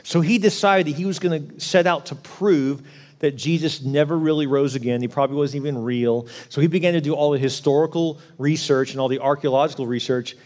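A man delivering a sermon in a slightly higher-pitched voice. He tells his story earnestly and presses his points home with emphasis. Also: darkish tone. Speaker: pastor.

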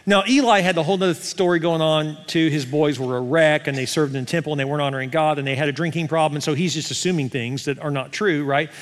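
A middle-aged male pastor preaching a sermon in a conversational, animated way, often asking the crowd questions. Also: on the high side, fast talker, hardly any pauses. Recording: long hall reverb.

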